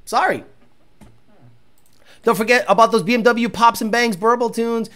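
A woman hosting a casual livestream as a car tuner, profane and animated, laughing often. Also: a little high, normal speed. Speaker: car tuner and stream host.

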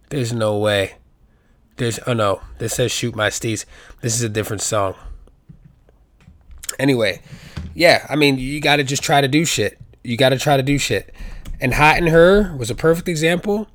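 A man's voice: medium pitch, moderate pace, fairly bright tone, dry recording. Rambling, profane young man podcasting. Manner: profane, rambling, jokey asides. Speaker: podcast host. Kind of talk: casual rambling monologue.

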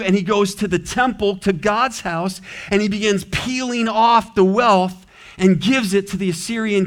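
A man pastor preaching an expository sermon, animated and acting out characters with varied voices. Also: high voice. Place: church sanctuary.

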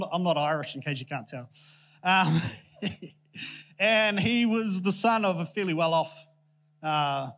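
Guy preaching in church, kinda high voice, jokey and rambly, lots of ums. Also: a bit bright. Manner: chatty, self-deprecating, many fillers. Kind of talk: casual, joking sermon. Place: church in front of a congregation.

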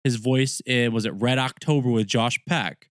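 A man's voice: mid-range voice, normal speed, dry recording, clean studio sound. Man steering the chat as podcast co-host. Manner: steady, leads segments, opinionated. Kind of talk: casual chat.

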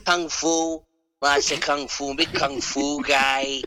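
A man's voice: fairly high pitch, flat delivery, slow pace, sharp tone, a little hiss or hum. A man playing a brash, rambling Boston caller with a Boston accent in an improvised comedy bit. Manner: rambling, confidently clueless.

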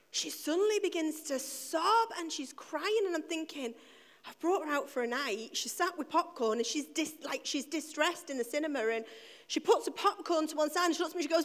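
A woman's voice: high-pitched, fairly quick, a bit bright. A middle-aged woman preaching an Easter sermon to her church, telling a personal story and building to emphatic, repeated lines.

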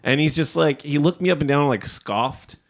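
A man co-hosting a podcast, telling a story in casual chat with lots of swearing and animated retelling. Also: on the high side, moderate pace. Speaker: podcast co-host.

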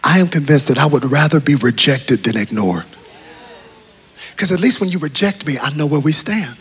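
A middle-aged man preaching a sermon as pastor, telling stories with humor and swinging from hushed tones to shouts. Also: on the high side, animated, moderate pace. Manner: humorous, storytelling. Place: large church auditorium.

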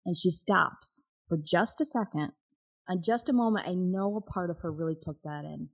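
Husky low-voiced woman telling her story. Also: moderate pace, low-quality recording. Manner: candid, with frequent restarts and nervous laughs. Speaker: guest. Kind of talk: personal storytelling in a podcast interview.

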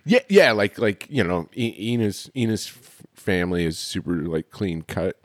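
A man hosting a podcast, chatting casually and telling an animated story with lots of swearing and acted-out quotes. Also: sits low, moderate pace, dry recording, studio quality. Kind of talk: casual chat.

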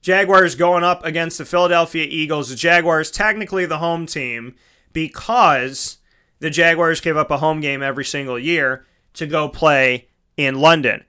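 Bright, crisp-voiced male sports talker. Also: fairly high pitch, normal speed. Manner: chatty, rambling, corrects himself mid-sentence; addresses listeners as folks. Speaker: sports show host. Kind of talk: casual solo sports talk.

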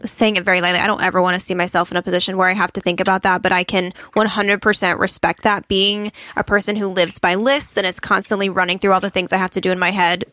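Bright-voiced woman podcast host. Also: medium pitch, level tone, fast talker, hardly any pauses, no room sound. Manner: empathetic, reflective, playful. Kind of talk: casual podcast conversation.

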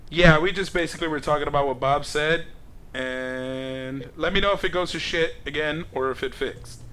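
A man's voice: a little high, moderate pace, bright, forceful tone, a little hiss or hum. Casual man fixing stream audio. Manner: self-deprecating, distracted while fixing audio. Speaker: podcast host running the live stream. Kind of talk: casual chat.

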